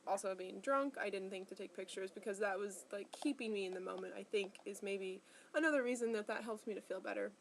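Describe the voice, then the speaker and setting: A woman's voice: medium pitch, brisk, a little hiss or hum. Young woman vlogger, chatty and rambling, sounds worn out from pain, mid-range voice. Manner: chatty, rambling, heavy filler use. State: in pain, tired. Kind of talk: casual personal vlog.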